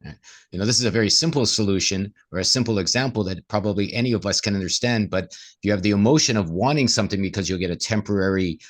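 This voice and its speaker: A man's voice: on the low side, quick pace. A man, co-host of a casual discussion, who often acts out inner voices in quoted asides.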